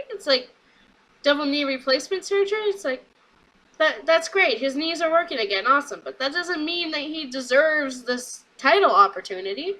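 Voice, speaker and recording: Bright, high-voiced excitable young woman. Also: low-quality recording. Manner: chatty and excitable, quoting people in quick asides. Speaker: wrestling show reviewer. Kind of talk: casual recap vlog.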